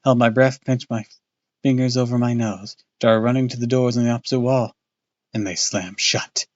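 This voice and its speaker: A man's voice: medium pitch, steady tone, moderate pace, no echo, muffled recording. A man casually reading a book aloud on a live stream, loose and off-hand, with crude asides.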